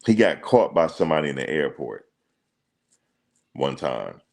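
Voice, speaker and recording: Unhurried and very deep-voiced, with gravel in his tone, this male reaction streamer works through viewer comments in laid-back, slangy chatter, pausing on ums as he thinks aloud.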